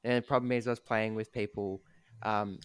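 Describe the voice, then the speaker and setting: A man's voice: on the low side, flat delivery, a little fast, fairly bright tone, clear, resonant tone, dry recording. A young man co-hosting a podcast, talking in a laid-back, self-deprecating way full of ums. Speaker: podcast co-host. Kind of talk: casual chat.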